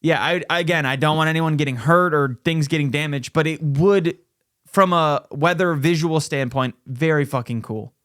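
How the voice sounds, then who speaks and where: A man's voice: fairly high pitch, moderate pace, fairly bright tone, dry recording, clean studio sound. A young man co-hosting a podcast, laid-back casual chat with frequent swearing. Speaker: podcast co-host.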